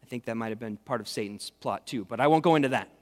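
A man's voice: mid-range voice, fast. A man preaching a casual, conversational sermon, retelling a story with joking asides in a large hall. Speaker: pastor. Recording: reverberant hall.

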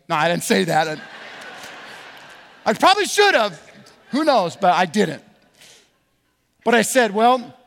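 A man preaching a sermon as pastor, telling a story in an animated way and building to emphatic points. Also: high voice, normal speed, creaky, pauses often, big-room sound. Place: church sanctuary.

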